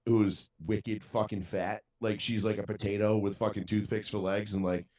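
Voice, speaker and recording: A man's voice: on the low side, little pitch movement, normal speed, darkish tone. A young man co-hosting a podcast, telling a long story in a rambling, profane way and laughing as he goes. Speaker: podcast co-host. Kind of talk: casual chat, storytelling.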